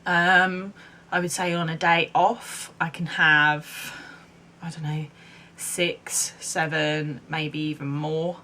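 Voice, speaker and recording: A woman's voice: low voice, level tone, slow pace, pushed and bright, slight background noise. A young woman in her twenties from England chatting casually to camera, rambling with lots of "um" and "like". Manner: chatty, rambling, many ums and likes. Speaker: vlogger.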